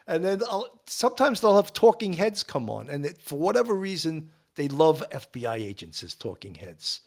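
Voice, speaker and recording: A middle-aged man with a thick New York accent, his voice gravelly with fry. He tells blunt stories as a retired detective guest in a casual podcast chat, laughing easily. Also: fairly high pitch, sing-song, moderate pace, hardly any pauses, a little mellow.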